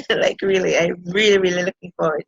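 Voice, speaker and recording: A woman's voice: fairly low pitch, steady tone, fairly quick, vocal fry, husky, no room sound, dull audio. A woman with a Jamaican accent, a conference organizer chatting casually and laughing easily. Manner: warm, laughing and effusive. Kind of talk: casual conversation.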